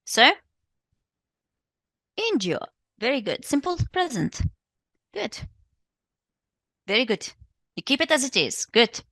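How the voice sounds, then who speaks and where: A woman's voice: on the high side, very animated, takes it slowly, pauses often, pushed and bright, no room sound, studio quality. A woman with a Tunisian accent, a native Arabic speaker, giving a live English exam revision lesson, repeating answers and praising students often. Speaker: English teacher.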